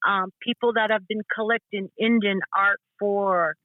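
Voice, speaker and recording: A woman's voice: medium pitch, moderate pace, no echo. A woman guest, a potter, telling stories in casual talk and acting out the voices of people she quotes. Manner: animated, acts out quoted voices. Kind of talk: casual storytelling. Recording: tinny phone line.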